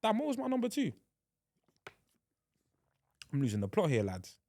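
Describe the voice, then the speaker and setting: Animated man rambling on a podcast. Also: high voice, moderate pace. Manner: animated, rambling, restarts sentences often. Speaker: podcast host. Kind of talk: casual solo podcast chat.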